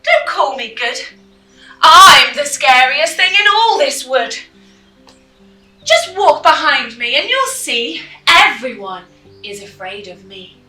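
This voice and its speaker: A woman's voice: high-pitched, sing-song, takes it slowly, bright, forceful tone, full character voice. A woman voicing a small, clever, bold mouse in a storybook read-aloud, speaking in a cheeky, confident way. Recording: echoey room, mic at a distance, faint music.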